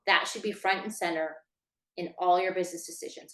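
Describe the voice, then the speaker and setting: A woman's voice: on the low side, flat delivery, fairly quick, roomy sound. A woman teaching a business workshop in a casual, chatty lecture style, with lots of fillers, talking straight to her listeners. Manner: chatty, many fillers, addresses listeners directly. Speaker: workshop instructor.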